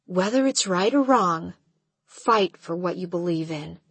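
A scowling, hostile teenage boy, as a woman reads him in an audiobook. The voice stays slow and soft-edged, a touch husky, close and dry. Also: fairly low pitch, expressive, no room sound, exaggerated voice. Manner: hissing, hostile.

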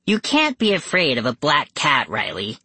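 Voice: mid-range voice, huge pitch swings, moderate pace, sharp tone, slightly rough, no echo, heavily acted. A reader voicing a pushy, teasing girl, the older sister, in a bossy and impatient way. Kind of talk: audiobook character voice.

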